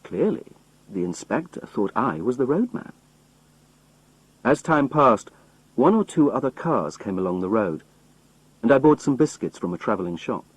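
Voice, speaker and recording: A man narrating a simplified novel in a plain, measured storytelling manner. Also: mid-range voice, big pitch swings, slightly rough, no room sound, rough recording. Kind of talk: reading a simplified novel aloud.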